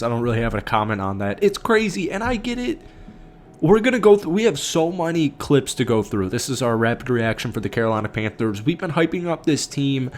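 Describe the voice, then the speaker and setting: A young man hosting his own sports channel, talking fast and excited through rapid-reaction football commentary, a little out of breath. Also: mid-range voice. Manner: excited, hurried, hyped-up.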